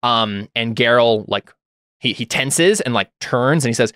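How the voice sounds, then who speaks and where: Rambling young game master, dry mic. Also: male voice, medium pitch, animated, a little slow, fairly bright tone, no room sound. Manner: rambling, filler-heavy, self-correcting. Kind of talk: narrating a tabletop game.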